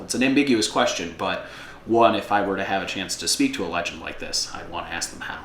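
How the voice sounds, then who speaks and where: A man's voice: lowish voice, fast, fairly bright tone, a little hiss or hum. A man chatting casually as a guest musician, laid-back and rambling, with self-deprecating asides. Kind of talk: casual chat. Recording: roomy with faint ambience.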